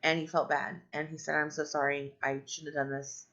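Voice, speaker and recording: A woman's voice: sits low, level tone, a little fast, fairly bright tone. A middle-aged woman telling a long personal story in a rambling way, full of fillers and asides. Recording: dull lo-fi sound.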